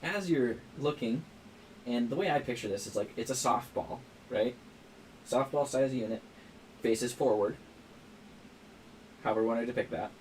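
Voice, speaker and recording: A man's voice: mid-range voice, normal speed, long pauses, a little mellow. A man narrating as game master in a casual tabletop session, describing scenes step by step. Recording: distant mic, faint noise.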